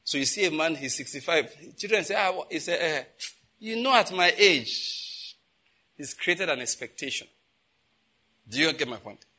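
A man's voice: on the high side, animated, moderate pace, sharp tone. A man preaching a sermon, asking the congregation questions and answering them himself, with emphatic repetition. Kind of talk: sermon teaching.

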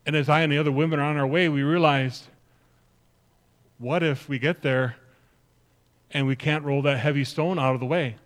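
A man's voice: on the high side, steady tone, normal speed, long pauses, close to an everyday voice. A male pastor preaching in the first person as an earnest woman disciple, telling her story emphatically to the congregation. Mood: sorrowful. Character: grieving then joyful woman disciple, earnest. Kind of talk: first-person dramatic sermon monologue.

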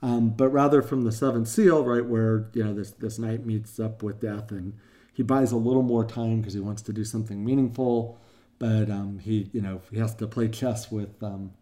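Older man, teacher, mellow warm tone, casual rambling talk, lots of ums, quoted voices. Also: lowish voice, fairly even intonation, moderate pace. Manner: rambling, filler-heavy storytelling with quoted voices. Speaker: teacher of a class on death.

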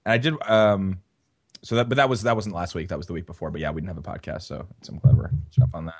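This podcast co-host is a man with a low voice who talks fast in a steady tone. In casual chat, he tells a rambling story riddled with fillers and restarts.

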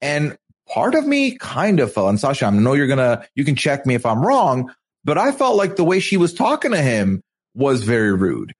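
Animated man recapping with restarts. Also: medium pitch, slightly rough. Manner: animated, halting restarts, acts out quotes. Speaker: podcast co-host. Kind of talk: casual recap chat.

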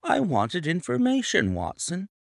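A man's voice: high-pitched, wildly swooping pitch, measured pace, vocal fry, no echo, clean studio sound, voice pushed up, heavily acted. A man reading as a cool, assured detective. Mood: amused. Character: cool, confident male detective, calm and unflappable. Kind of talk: audiobook reading.

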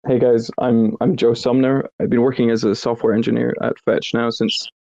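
A man introducing himself as a software engineer, brief and modest. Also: medium pitch, level tone, normal speed, vocal fry. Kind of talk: casual self-introduction. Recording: dull, dry lo-fi audio.

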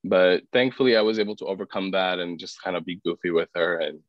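Fast and low-voiced, a podcast guest tells a casual personal story, using "like" constantly as filler and acting out what others said. The audio has no echo and comes across dull and dry.

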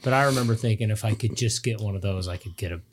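A man's voice: on the low side, fast, slight background noise. A middle-aged man, a podcast guest, telling casual stories with laughs and many restarts. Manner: animated, laughs mid-story, frequent restarts.

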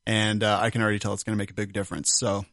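Male podcast host, dry close sound, mid pitch, playful. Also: completely flat delivery, very fast, fairly bright tone, dry recording. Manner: joking, laughing often. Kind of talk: casual chat.

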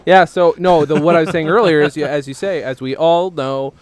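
A man's voice: fairly high pitch, a little fast. A man co-hosting a podcast, joking and laughing in casual comedic chat at a desk microphone. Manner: joking, animated, laughs often. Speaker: podcast co-host.

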